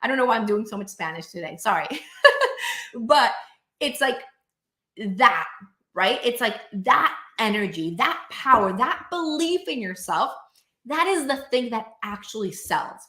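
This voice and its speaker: Woman business coach talking to camera, super emphatic, lots of "like, right?", bright voice, echoey room. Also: a little high. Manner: energetic, emphatic, peppered with "like" and "right?"; acts out clients' inner voices in quick asides. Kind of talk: direct-to-camera coaching monologue.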